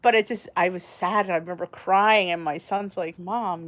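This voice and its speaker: A woman's voice: fairly low pitch, fairly even intonation, moderate pace, hardly any pauses, a little hiss or hum. Chatty woman in her forties. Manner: chatty, rambling, candid. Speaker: host. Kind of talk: casual chat.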